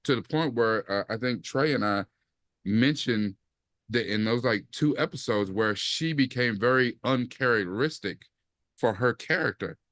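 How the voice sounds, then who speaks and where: A man co-hosting a podcast, talking casually about a TV series and acting out quoted lines in lively bursts. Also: on the low side, no echo. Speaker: podcast co-host. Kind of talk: casual chat, TV review.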